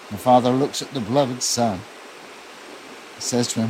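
A man preaching a sermon as pastor, telling the story in an earnest, quietly intense way. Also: mid-range voice, moderate pace, pauses often, slight background noise.

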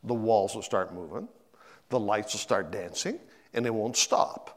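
A man's voice: on the low side, unhurried, long reverb tail. A middle-aged man preaching a sermon as a pastor in a church, acting out quotes and repeating words as he gathers his thoughts. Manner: animated, acts out quotes with sudden voice shifts. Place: church sanctuary.

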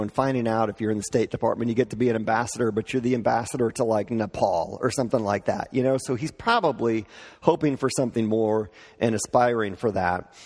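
A man's voice: mid-range voice, a little mellow. A man giving a sermon in a conversational way, explaining with asides and light laughs. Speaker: pastor. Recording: long hall reverb.

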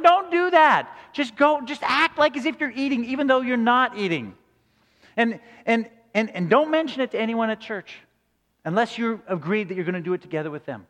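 A man's voice: extremely high pitch, pushed and bright, big-room sound. A man preaching a sermon in a conversational way, acting out quoted reactions. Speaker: pastor.

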